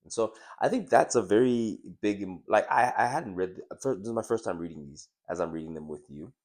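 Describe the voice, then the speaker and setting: A man hosting his own video, talking reflectively to the camera in a casual motivational way, halting and restarting often. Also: on the low side, lively intonation, a little mellow. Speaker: video host.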